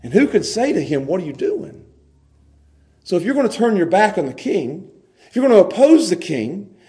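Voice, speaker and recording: A pastor delivers his sermon in a high, lively voice. He moves back and forth between loud, insistent emphasis and soft, quiet asides.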